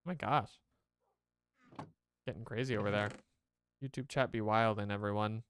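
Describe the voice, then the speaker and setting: Male streamer, smooth voice, loose chatty play-by-play. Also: lowish voice, fairly even intonation, normal speed, a bit bright. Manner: rambling, chatty, talks to chat. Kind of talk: casual game commentary.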